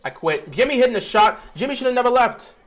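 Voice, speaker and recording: A young man hosting a live stream, reacting to a basketball game as he watches it. He swings between quiet mumbling, pleading and sudden shouts. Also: very high voice, animated, fast talker.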